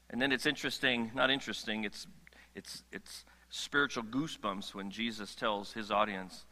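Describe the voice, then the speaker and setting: A male pastor delivers a sermon in a large church hall, his voice very bright and forceful. He talks in an animated way, drops joking asides and restarts his phrases often. A long reverb from the hall trails behind his words. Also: lowish voice, normal speed.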